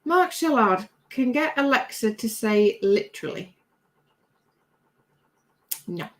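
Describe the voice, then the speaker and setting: A British woman with a slightly raised pitch hosts a relaxed livestream from her craft bench. She reads out viewer comments and chats on in a rambling way, laughing easily. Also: slow pace. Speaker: livestream host. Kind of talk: casual chat reading viewer comments.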